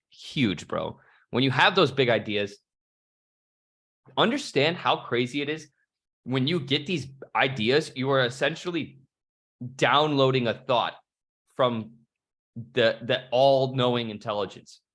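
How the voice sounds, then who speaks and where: A man's voice: medium pitch, fairly bright tone. A young man giving a fired-up motivational talk on a video call, casual and profane, full of bro slang. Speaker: motivational speaker.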